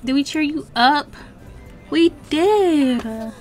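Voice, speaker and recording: A young woman giving casual, slangy let's-play commentary as the channel host, chatting and reacting loudly to the game. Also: sits high, animated, slow, faint music behind.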